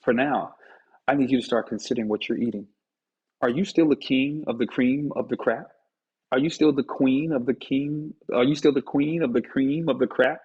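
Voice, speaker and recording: A man's voice: medium pitch, steady tone, normal speed, husky. A man giving a motivational talk straight to the viewer, preachy and playful, teasing his listeners as he makes his point. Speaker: motivational speaker. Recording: dull lo-fi recording.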